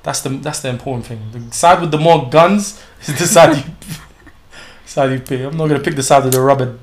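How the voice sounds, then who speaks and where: A man's voice: mid-range voice, brisk. A British man, co-hosting a podcast and joking through casual chat. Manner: joking, laughing, playful. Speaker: podcast co-host.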